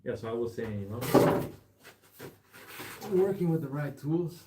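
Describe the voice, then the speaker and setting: A man's voice: medium pitch, lively intonation, a little slow, very noisy. A young man, chatting casually while repairing a bike in his shop, rambling and calling the listener man and bro. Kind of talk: casual chat while working.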